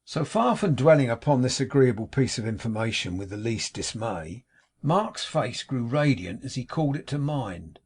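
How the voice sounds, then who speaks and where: Husky male audiobook narrator. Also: mid-range voice, very animated, moderate pace. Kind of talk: scripted narration.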